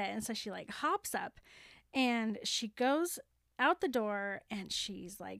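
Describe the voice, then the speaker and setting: A young woman in casual chat who laughs often and picks up the retelling in a relaxed way. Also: a little high, unhurried, no echo. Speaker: podcast co-host.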